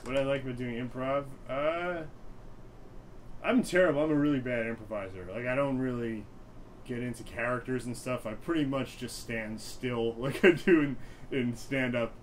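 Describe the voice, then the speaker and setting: A man's voice: mid-range voice, moderate pace, a little hiss or hum, poor audio. A young man in his twenties, a stand-up comic being interviewed, who talks in a rambling, self-deprecating way full of fillers. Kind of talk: casual interview chat.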